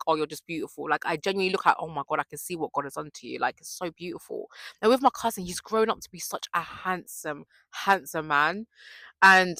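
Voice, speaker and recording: A young woman chatting to camera in a faith vlog, telling stories in an excitable, gushing way. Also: on the low side, no room sound. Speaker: faith vlogger. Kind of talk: casual chat to camera.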